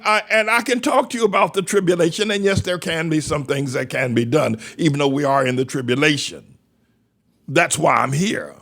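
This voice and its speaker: A man's voice: fairly high pitch, vocal fry, fairly bright tone. A man pastor giving an impassioned sermon-style talk, stretching out emphatic rhetorical questions and repeating phrases for stress.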